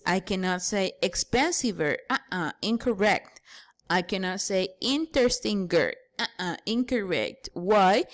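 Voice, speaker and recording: Slow, patient woman teaching English grammar. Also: mid-range voice. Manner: patient, step-by-step explaining, spells out letters. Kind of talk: grammar lesson.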